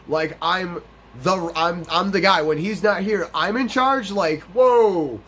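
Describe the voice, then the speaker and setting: A man's voice: high-pitched, a little slow, bright, forceful tone, a little hiss or hum. A man hosting a gaming channel, telling a rambling, profane, self-deprecating story over a game playthrough.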